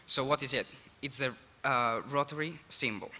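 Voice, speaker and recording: A teenage exchange student from Italy with an Italian accent, giving a halting, apologetic speech at a school assembly. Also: male voice, medium pitch, sharp tone. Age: teens. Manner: nervous, halting, apologetic with laughs. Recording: reverberant hall, faint ambience.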